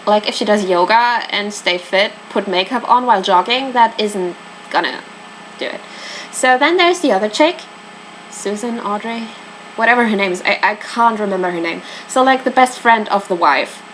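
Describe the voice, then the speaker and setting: A woman casually commenting on a mystery game, chatty and thinking out loud as she weighs the suspects. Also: mid-range voice, animated, moderate pace, slight background noise, rough recording. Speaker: let's play host.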